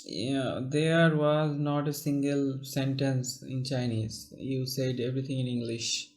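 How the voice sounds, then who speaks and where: A man with a Bengali accent casually testing an AI, halting and repeating himself, later flat and despondent. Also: mid-range voice. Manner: halting, restarts often, turns flat and despondent. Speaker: channel host testing an AI. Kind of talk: casual chat with an AI.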